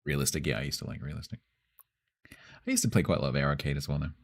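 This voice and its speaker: A man's voice: very deep voice, expressive, fast talker. A man, chatting casually on a live stream, answering chat and chuckling often.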